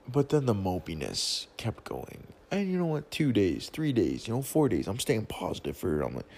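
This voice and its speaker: A young man with a low, gravelly voice and a dark, mellow tone. He rambles through a profane, slang-heavy rant, telling a personal story the casual way. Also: wildly swooping pitch, moderate pace, hardly any pauses.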